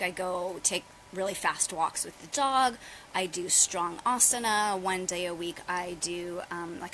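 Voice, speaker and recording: A woman's voice: lowish voice, slight background noise, low-quality recording. Chatty woman yoga teacher outdoors. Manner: chatty, relaxed, addresses viewers as "you guys". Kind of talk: casual live-stream yoga talk. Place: outdoors on holiday.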